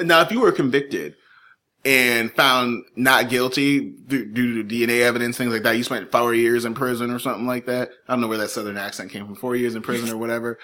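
Male podcast co-host, bright forward tone, joking and animated, chatty. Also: mid-range voice, brisk. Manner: animated, joking, playful asides. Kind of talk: casual chat.

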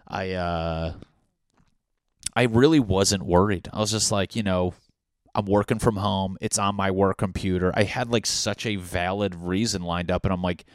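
A man with a deep, low voice riffs through a profane, rambling comedic rant full of fillers and restarts. The sound is dry and close, with no room echo. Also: fairly even intonation, normal speed. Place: home apartment.

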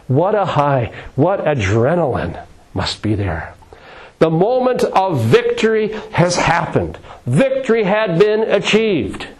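A man's voice: mid-range voice, darkish tone, breathy edge, rough recording. Dramatic male preacher. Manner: dramatic, repetitive preaching with rising and falling emphasis. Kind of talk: sermon.

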